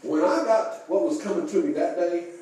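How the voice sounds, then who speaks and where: High-voiced pastor preaching in an echoey church. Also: male voice, moderate pace, dark tone, slight background noise. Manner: folksy storytelling with chuckles and rhetorical questions. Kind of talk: sermon. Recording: echoey room, mic far off.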